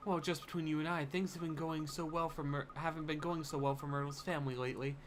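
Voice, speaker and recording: A man's voice: a little high, fairly even intonation, fast talker, slight background noise, pitched above the performer's own voice, lightly acted. A man voicing a chatty old neighbor woman who rambles on in fussy gossip. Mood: gossipy.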